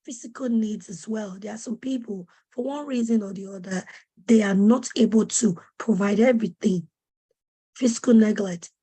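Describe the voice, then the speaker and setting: A woman's voice: medium pitch, moderate pace, warm tone, husky. A woman presenting a parenting webinar, speaking with urgent, preacherly emphasis and repeating questions to press her point. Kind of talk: earnest teaching talk to parents.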